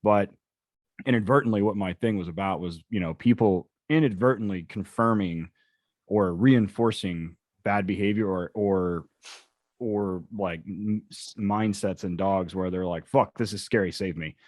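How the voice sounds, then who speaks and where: Low-voiced man, profane storyteller. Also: measured pace, darkish tone, dry recording. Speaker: podcast co-host. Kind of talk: casual chat.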